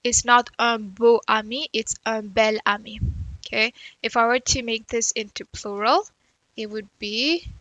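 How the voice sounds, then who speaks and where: Woman, language teacher, lecture, explains step by step, slightly high voice, dry close sound. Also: steady tone, unhurried, fairly bright tone, no echo, lo-fi sound. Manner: explanatory, with frequent "right?" and "okay" checks. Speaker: French teacher. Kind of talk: recorded grammar lecture.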